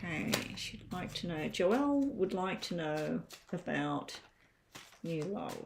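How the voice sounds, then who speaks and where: A woman's voice: on the low side, big pitch swings, measured pace, creaky, background noise. A woman with an Australian accent giving a live-stream tarot reading, chatting and thinking aloud as she lays out the cards. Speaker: tarot reader.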